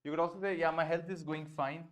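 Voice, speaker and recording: Speaking in a steady tone with a slightly high voice, a man with an Indian English accent leads a beginner French class on a video call. He stays patient, going over phrases slowly and switching between French and English.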